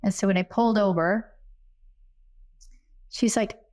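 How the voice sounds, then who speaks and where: Middle-aged woman, podcast guest, earnest storyteller who acts out dialogue, average pitch. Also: measured pace, a little mellow. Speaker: podcast guest, psychic medium. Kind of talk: personal storytelling in a casual interview.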